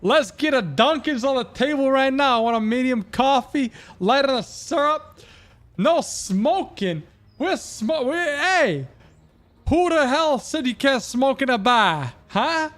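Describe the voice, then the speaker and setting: A man voicing a loud, brash Boston guy with a put-on Boston accent, talking in a rowdy, drawn-out way. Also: very high voice, animated, pitched above the performer's own voice, full character voice.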